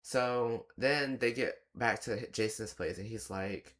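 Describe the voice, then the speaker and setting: A man's voice: on the low side, slow pace, fairly bright tone. A young man giving a rambling, exasperated casual movie review, often slipping into mock quotes of the characters. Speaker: movie reaction host.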